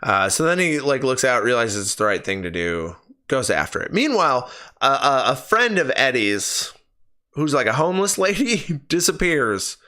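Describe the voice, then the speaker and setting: On his stream, a man delivers an exasperated, profanity-filled casual film review into his personal streaming microphone. He speaks at normal speed in a mid-range, sing-song voice with a sharp tone.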